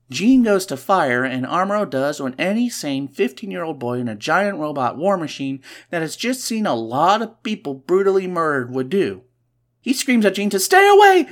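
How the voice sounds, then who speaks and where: A man hosting a podcast, recapping a comic book with sarcastic, joking asides and sudden bursts of excitement. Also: a little high. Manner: excitable, swings between loud and quiet. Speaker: podcast host.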